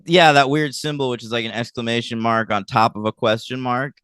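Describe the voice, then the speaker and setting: A man co-hosting a podcast, talking casually in a hesitant, halting way. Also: mid-range voice, steady tone, fairly bright tone, clear, resonant tone, dry recording, clean studio sound. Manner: hesitant, halting with fillers and restarts. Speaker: podcast co-host. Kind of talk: casual chat.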